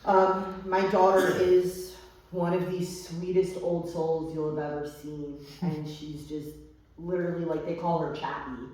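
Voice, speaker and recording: A woman's voice: low voice, fairly even intonation, unhurried, warm tone. Woman testifying in an echoey room. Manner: candid and profane, frequent fillers. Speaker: recovery meeting speaker. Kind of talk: personal testimony to a group. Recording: echoey room, distant mic.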